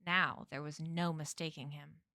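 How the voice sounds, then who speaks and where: A woman reading a novel aloud as a stream host, in measured storytelling. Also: deep voice, flat delivery, sharp tone, no room sound, clean studio sound.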